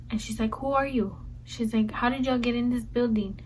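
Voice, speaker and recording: A woman's voice: on the high side, steady tone, a little fast, darkish tone, poor audio. A young woman vlogger telling a rambling school story in casual storytime style, repeating herself as she goes. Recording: faint background noise.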